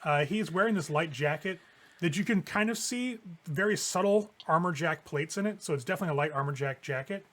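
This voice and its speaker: A man's voice: on the high side, brisk, fairly bright tone. A man narrating as game master of a tabletop role-playing game, in a loose, profane, laughing way.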